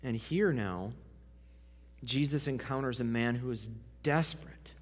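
A man's voice: medium pitch, measured pace. Preacher man in a reverberant hall. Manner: dramatic swings from loud to hushed. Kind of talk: sermon.

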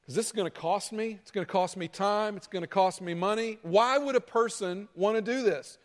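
This pastor has a high voice and a brisk delivery, giving his sermon in an easygoing, conversational way. Occasionally he plays out an angry quarrel, his pitch going up, while the vast church hall adds a long, trailing reverb.

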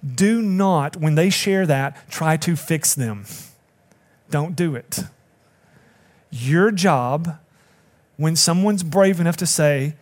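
A man's voice: a little high, slow pace, long pauses. A middle-aged man preaching a sermon, earnest and building to emphatic appeals to the congregation. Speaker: pastor.

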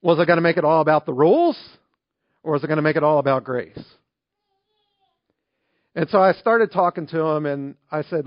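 A man preaching a sermon as pastor, telling a story in a conversational, animated way. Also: fairly high pitch, fairly quick, long pauses, dry recording. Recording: dry, slightly dull recording.

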